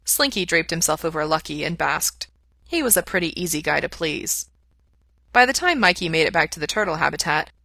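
A woman reading a story aloud in a steady, even narrating manner. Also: low-pitched, creaky, dry recording. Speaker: audiobook reader. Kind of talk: fan fiction read aloud.

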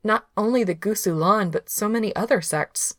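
A woman voicing a playful, quick-witted young male cultivator who talks with bright, incredulous energy. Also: medium pitch, dry recording, studio quality, pitched above the performer's own voice, natural voice. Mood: questioning.

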